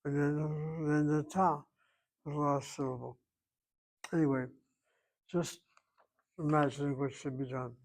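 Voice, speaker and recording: A man's voice: a little high, steady tone, unhurried, long pauses, poor audio. An older man teaching a Hebrew class, explaining grammar patiently and repeating his points. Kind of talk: online class lecture.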